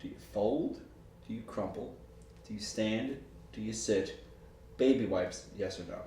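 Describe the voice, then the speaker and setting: A low-pitched man in his thirties rambles through stories with frequent laughter. He sits back from the mic in a very echoey room with faint noise behind him. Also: measured pace, dark tone, distant mic. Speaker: co-host. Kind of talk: casual chat. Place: room, on a couch.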